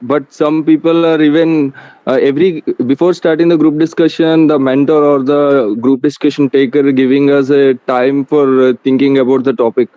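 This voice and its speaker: A man's voice: mid-range voice, flat delivery, moderate pace, no room sound, narrow, tinny audio. A man, a student, asks the speaker a question politely and hesitantly, calling him sir. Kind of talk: audience question.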